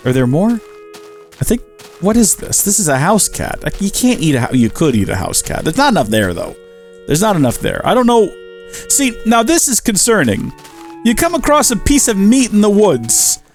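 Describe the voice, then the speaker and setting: A man's voice: mid-range voice, a little mellow. An American man with a chatty, jokey manner, commentating on a survival game and talking to the animals on screen, with faint game music behind. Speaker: let's player. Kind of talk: gameplay commentary.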